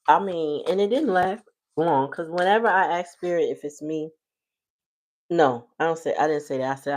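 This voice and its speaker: Woman tarot reader, low voice, relaxed slangy livestream chatter. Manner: chatty, loose, folksy slang. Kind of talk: casual livestream tarot reading.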